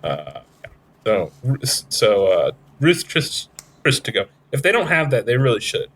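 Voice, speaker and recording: A man's voice: medium pitch, very animated, unhurried, fairly bright tone, slight background noise. A man hosting a podcast, rambling in casual chat with lots of fillers and jokes. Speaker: podcast host.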